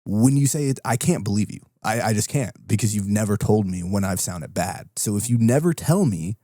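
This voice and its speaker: Low-voiced man ranting on a podcast. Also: brisk, no echo, clean studio sound. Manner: animated, swearing, ranting with a laugh. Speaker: podcast co-host. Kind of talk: casual podcast chat.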